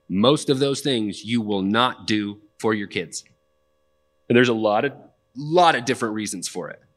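A man's voice: mid-range voice, fairly bright tone. A young man preaching a sermon in a conversational, plainspoken way, with casual asides. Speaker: pastor.

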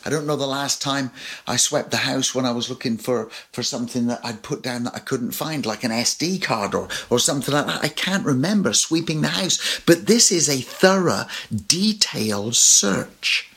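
A man's voice: medium pitch, lively intonation, moderate pace, fairly bright tone, breathy edge. A man preaching a sermon as pastor, telling personal stories with light humor. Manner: storytelling with personal anecdotes and humor.

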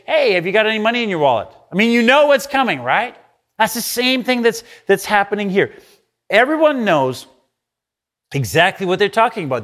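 A man with a fairly high voice gives a sermon in a relaxed, conversational way. He reads the scripture aloud and slips into the voices of the people he quotes. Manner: conversational preaching, acts out quoted lines. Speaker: pastor.

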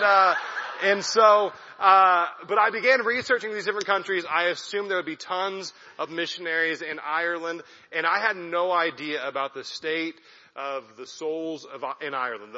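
A young missionary addresses a church congregation with a chatty talk, poking fun at himself along the way. His voice is a little high with a sharp tone. The echoey hall comes through in a dull, lo-fi recording.

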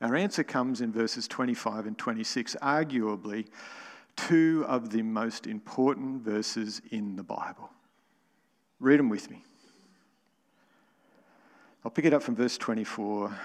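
A man's voice: mid-range voice, unhurried, long pauses, big-room sound. A man preaching a sermon as pastor, emphatic and building to exclamations. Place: church.

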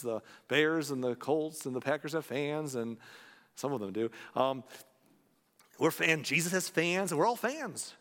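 A man preaching a sermon as pastor, conversational and animated, acting out the quotes. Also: on the high side. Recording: long reverb of a large hall.

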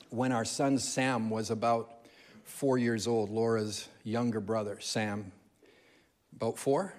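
A man preaching a sermon as a guest speaker, telling stories in an animated way and repeating key phrases for emphasis. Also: medium pitch. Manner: animated storytelling, emphatic repetition.

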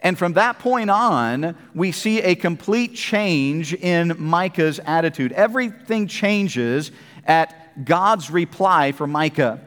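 High-pitched preacher man in a reverberant hall. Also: lively intonation, takes it slowly, fairly bright tone. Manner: conversational, building to emphatic scripture reading. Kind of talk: sermon. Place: church service.

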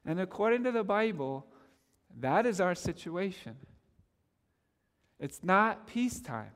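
Pastor, male, high voice, emphatic repetitive sermon delivery, reverberant sanctuary sound. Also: sing-song, unhurried. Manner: emphatic, repetitive preaching cadence.

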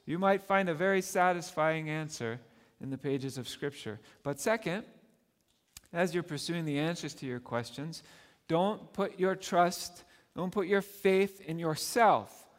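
Male pastor, slightly high voice, preaching in a church with long reverb. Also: a little slow. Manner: animated, swinging between loud emphatic lines and soft hushed asides. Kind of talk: sermon.

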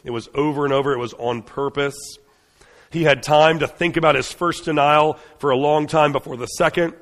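A man's voice: on the high side, steady tone, brisk, a bit bright, big-room sound. A man preaching a sermon in an earnest, conversational way, often restarting his phrases.

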